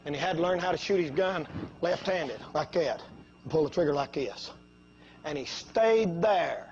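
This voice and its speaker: A man preaching a fiery revival sermon, telling folksy stories that build up to shouting. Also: on the high side, expressive, moderate pace, muffled recording, a little hiss or hum.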